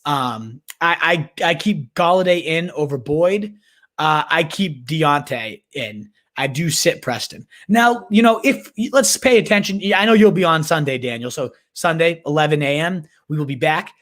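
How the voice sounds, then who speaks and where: Male livestream host, slightly higher voice, hyped and slangy, thinks aloud with restarts. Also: moderate pace, a bit bright. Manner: hyped, slangy, calls viewers "baby" and "my dude"; restarts and repeats words while thinking aloud. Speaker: fantasy football livestream host. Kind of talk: casual live Q&A chat.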